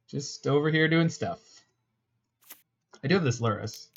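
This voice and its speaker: A man's voice: a little high, very animated, a little slow, gravelly, lo-fi sound. Wry man streaming a card game. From Canada. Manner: wry, joking, answers chat. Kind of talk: casual gameplay commentary.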